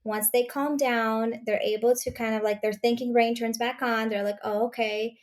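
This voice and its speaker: A woman guest on a podcast interview, an anger coach speaking in an earnest, reassuring, measured way. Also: on the high side, fairly even intonation.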